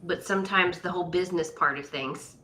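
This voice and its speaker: A woman's voice: lowish voice, a little fast, bright, forceful tone. A woman co-hosting a casual podcast chat, speaking thoughtfully and reflectively.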